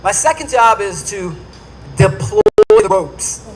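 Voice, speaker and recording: A man speaks to a dinner audience in a high-pitched voice and tells his story with animation, acting out each quote. A faint hum of the event venue sits under him. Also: big pitch swings, slow, poor audio.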